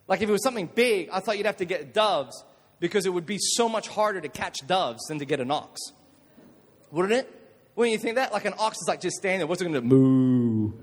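A man preaching a jokey, energetic youth sermon to a live audience in a church hall, calling on listeners to respond. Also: high voice. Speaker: youth pastor. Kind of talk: youth sermon with jokes and stories.

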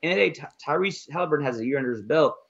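A man co-hosting a casual basketball podcast, talking fast and emphatically and leaning on "most importantly". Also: on the high side, lively intonation, creaky, fairly bright tone, lo-fi sound. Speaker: podcast co-host, basketball analyst. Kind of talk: casual sports talk.

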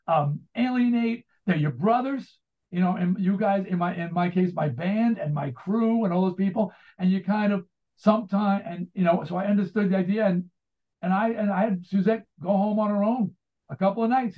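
A man's voice: sits high, normal speed. Rambling American man on a tinny line. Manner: rambling, full of restarts and asides. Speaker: author and rock singer guest. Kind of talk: casual interview talk.

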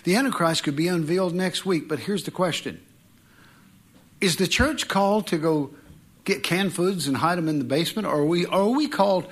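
High-voiced man preaching animatedly. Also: moderate pace. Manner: animated preaching, joking asides and mock voices. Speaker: pastor. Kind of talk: sermon.

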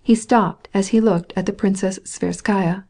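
A woman narrating a classic novel with a measured, steady reading. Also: mid-range voice. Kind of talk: scripted audiobook narration.

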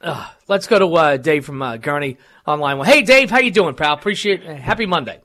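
A man's voice: fairly high pitch, animated, brisk, bright, forceful tone. A man hosting a call-in talk radio show, rambling with many fillers and restarts. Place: radio studio.

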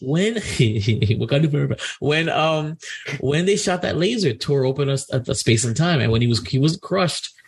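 A man co-hosting a casual chat, talking in an animated, indignant way with many restarts. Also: on the high side, normal speed, vocal fry, husky. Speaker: podcast co-host.

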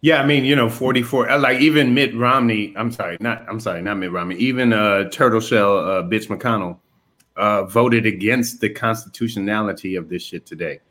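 A man from the Detroit area co-hosting a casual political chat, excitable and profane, quoting people in mock voices. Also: on the low side, normal speed. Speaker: podcast co-host.

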